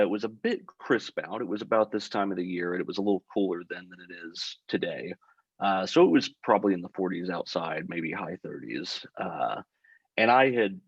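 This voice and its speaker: A young man from Texas telling a funny story in a deadpan, rambling way as a podcast guest. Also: deep voice, slightly rough, no echo, lo-fi sound. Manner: deadpan comic storytelling, acts out his own quotes. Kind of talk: casual storytelling.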